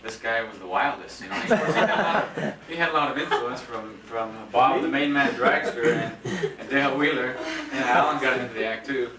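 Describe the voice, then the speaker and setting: A man's voice: medium pitch, brisk, hardly any pauses. A man telling a long, laughing story at a birthday roast, full of fillers and restarts, recorded on a home video camera at a party. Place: party room with guests. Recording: echoey room, distant camera, crowd noise.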